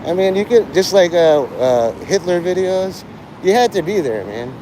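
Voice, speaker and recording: Crude, sardonic male streamer, lively voice. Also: sits high, moderate pace, a little hiss or hum, poor audio. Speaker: live streamer. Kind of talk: rambling live-stream chat.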